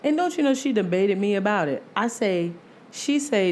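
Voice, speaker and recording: A woman's voice: mid-range voice, normal speed. A young adult woman hosting her podcast, telling a casual personal story with lots of laughter and acted-out quotes. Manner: animated, laughs often, acts out quoted voices. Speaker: podcast host.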